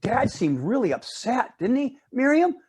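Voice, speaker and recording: A man's voice: very high voice, big pitch swings, normal speed, darkish tone, breathy edge, voice pushed up, full character voice. A man voicing an anxious, rule-bound little girl who frets and talks herself into more and more rules. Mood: fretting.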